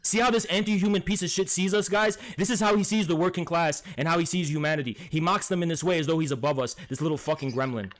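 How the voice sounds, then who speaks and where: A man's voice: a little high, fast talker, hardly any pauses. A man on a live stream ranting angrily at another streamer, cursing and repeating the same phrases over and over. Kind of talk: angry live-stream rant.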